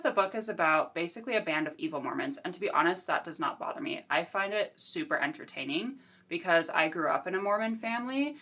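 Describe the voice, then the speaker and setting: A woman's voice: lowish voice, fairly bright tone. A woman chatting casually through a book review, giggly and self-deprecating.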